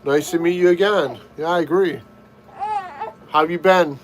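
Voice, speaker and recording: A man's voice: a little high, moderate pace, poor audio. A man hosting a casual live stream, chatting with viewers and greeting them by name. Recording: loud background noise. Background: loud noise.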